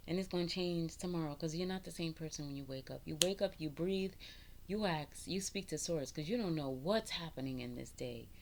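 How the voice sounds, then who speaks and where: A woman with a low-set voice talks straight to her followers in a casual spiritual vlog. She preaches with energy, piling up rhetorical questions and breaking into laughs. A faint noise sits under the recording. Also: fairly quick, darkish tone. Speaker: spiritual vlogger.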